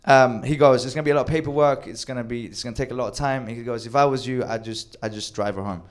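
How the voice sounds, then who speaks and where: A man telling a wild personal story with animated delivery, acting out quoted lines and swearing freely. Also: medium pitch, fast. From Sweden. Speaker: storyteller on a comedy show. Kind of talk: live comedic storytelling.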